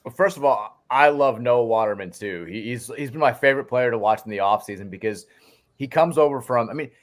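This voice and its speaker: A man's voice: medium pitch, brisk. A man, a guest sports writer, talking college basketball in a casual podcast chat, telling stories with many restarts. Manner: animated storyteller, many restarts.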